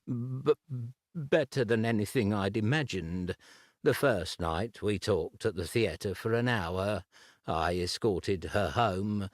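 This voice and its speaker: A man's voice: lowish voice, dry recording, studio quality. A man voicing a grieving, stammering young suitor. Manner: slow, halting, stammering.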